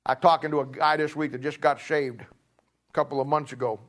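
A man's voice: on the high side, fairly even intonation, normal speed, a bit bright. A middle-aged man, preaching a sermon in a folksy storytelling way and acting out both sides of a talk. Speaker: pastor.

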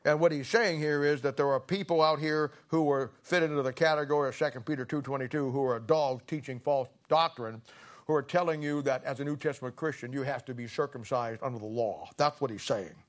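His voice is medium-pitched and brisk as this middle-aged man delivers a sermon. He spins a funny, homespun tale, laughing as he goes in a folksy way, then shifts to scripture.

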